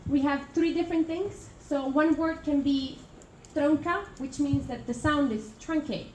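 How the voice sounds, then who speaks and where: This is a young woman from Italy, an international student giving a presentation in class; her delivery is hesitant, with many fillers and false starts. She speaks at a moderate pace in a high, warm voice. The room echoes, and the distant recording is noisy.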